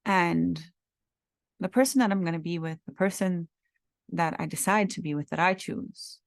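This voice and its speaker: A woman's voice: fairly low pitch, steady tone, moderate pace, creaky, no echo, studio quality. A woman in her thirties hosting a podcast, talking in an earnest, heartfelt, rambling way and repeating herself as she reflects. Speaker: podcast host. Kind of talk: reflective personal talk.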